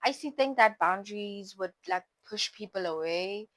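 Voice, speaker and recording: A woman's voice: medium pitch, animated, moderate pace, a bit bright, dry recording, poor audio. Young woman, chatty playful vlogger, dry close sound. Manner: chatty, playful, talks to viewers directly, switches languages. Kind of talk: casual talk to camera about boundaries.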